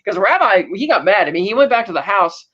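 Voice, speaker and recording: A woman's voice: mid-range voice, sing-song, fast, a bit bright, slightly rough, lo-fi sound. A woman co-hosting a podcast, casually recapping episodes in a rambling way and acting out quotes. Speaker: podcast co-host.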